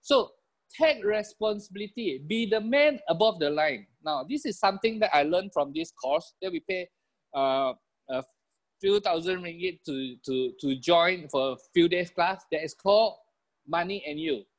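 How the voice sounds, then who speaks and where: Animated Malaysian-accented man giving a motivational talk. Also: high-pitched, moderate pace. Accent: Malaysian English. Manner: animated storyteller, chuckles, repeats key phrases. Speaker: motivational business trainer. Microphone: video call.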